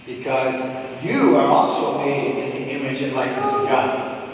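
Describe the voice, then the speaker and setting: A man preaching a sermon, telling a story with lively gestures and often checking in with his listeners. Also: medium pitch, moderate pace, slight background noise. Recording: echoey hall, mic far off.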